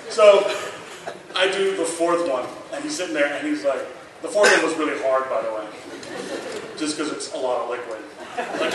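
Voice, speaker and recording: A man in his thirties spins an animated story for a convention crowd, slipping into the voices of the people in it and laughing as he goes. His fairly high voice rings through a big echoing hall, picked up from far away over steady noise. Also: normal speed, pauses often. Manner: animated anecdote-teller, acts out dialogue, laughs often. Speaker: convention panel speaker. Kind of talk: storytelling at a memorial panel. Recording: echoey hall miked from far, noisy.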